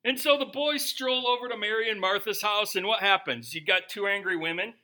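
A man's voice: high-pitched, fairly quick, sharp tone. A man pastor preaching a sermon with humor and rhetorical questions.

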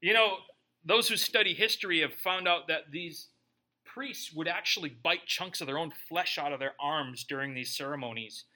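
Bright, high-voiced joking male pastor. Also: normal speed. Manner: conversational and joking, with rhetorical "right?" tags. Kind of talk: sermon.

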